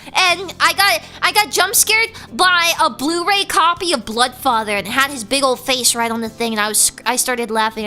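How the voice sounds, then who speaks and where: A woman streamer chatting casually and rambling, cutting herself off mid-sentence and reading chat messages aloud. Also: high voice. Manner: animated, rambling, self-interrupting, reads chat aloud.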